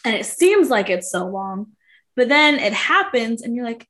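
A mother co-hosting a podcast, talking in a lively way and leaning on "like". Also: fairly high pitch, normal speed. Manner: animated, leans on "like". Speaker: podcast co-host. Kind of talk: casual chat.

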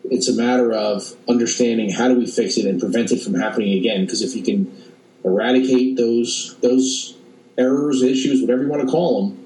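Echoey, off-mic man with halting speech. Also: mid-range voice, fairly even intonation, mellow, recorded from a distance. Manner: halting, many restarts and repeated words. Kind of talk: conversational business talk.

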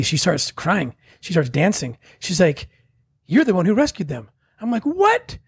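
A man with a slightly high, husky voice tells his story in a loose, conversational way. He acts out the other people's lines as he goes. The sound is close and dry. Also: no room sound. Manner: animated, acts out quoted voices. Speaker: guest telling his story. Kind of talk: casual storytelling.

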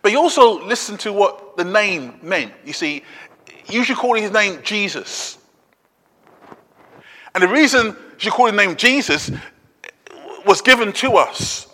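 A man preaching a sermon, swinging between loud urgent appeals and quiet, low asides. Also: big-room sound.

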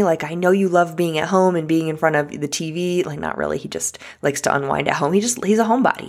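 A woman's voice: sits low, creaky. A woman telling a personal story to her viewers in a chatty, casual way, full of restarts. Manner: chatty, many likes and restarts, addresses viewers as guys and y'all. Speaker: vlogger.

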